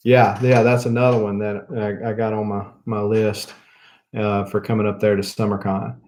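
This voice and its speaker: A man's voice: fairly low pitch, little pitch movement, darkish tone. A man with a Southern US accent, chatting casually in a rambling way while he shows off a haul of comic books. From Mississippi. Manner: rambling, chuckling, drawn-out fillers. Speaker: comic book channel host.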